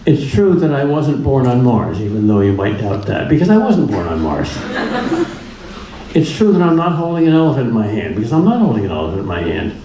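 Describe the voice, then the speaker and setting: A man's voice: medium pitch, sing-song, a little fast, crowd noise. A man giving a public lecture in a plainspoken, humorous way, driving points home through repetition. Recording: echoey room with faint ambience.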